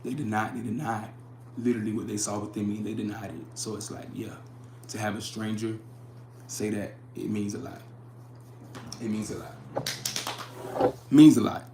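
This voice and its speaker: A young man hosts a casual livestream, speaking earnestly in a low, level voice. He circles back, repeating phrases as he reads chat comments aloud. The sound is roomy with echo, over faint background noise. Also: fairly even intonation, moderate pace, pauses often, darkish tone. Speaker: livestream host.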